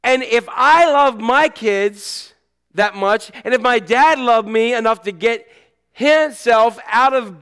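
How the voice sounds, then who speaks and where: A middle-aged man preaching a sermon as a pastor, telling stories with animated energy and shouting out the cries he quotes. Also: extremely high pitch, clean tone.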